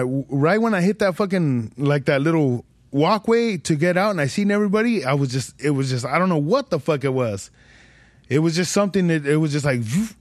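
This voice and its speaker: A man's voice: medium pitch, dry recording. A young man telling a long story on his podcast, swearing constantly and rambling. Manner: heavy swearing, slangy, rambling. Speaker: podcast host. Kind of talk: casual storytelling.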